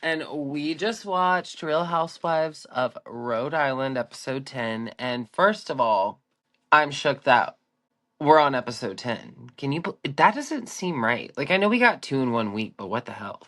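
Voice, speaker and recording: A woman's voice: very deep voice, animated, measured pace. A woman co-hosting a podcast, chatting casually and emphatically about a reality show, stretching words for effect. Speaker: podcast co-host.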